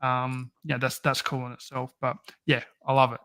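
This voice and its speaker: A man's voice: mid-range voice, level tone, moderate pace, a bit bright, no room sound. A man, the pastor co-host of a podcast, talking earnestly with stammering restarts. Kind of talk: casual chat.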